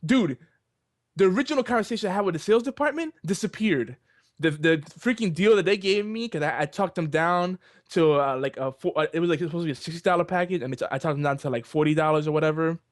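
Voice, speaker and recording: Laid-back man with a higher voice. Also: quick pace, no room sound, clean studio sound. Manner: casual and laid-back, says "dude", swears. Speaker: podcast co-host. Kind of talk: casual ranting chat.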